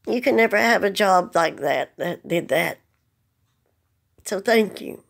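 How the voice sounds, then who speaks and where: A vlogger delivers an emotional direct-to-camera message, speaking earnestly and plainly as she holds back tears and pleads. Her medium-pitched voice is creaky, with lively intonation and a measured pace.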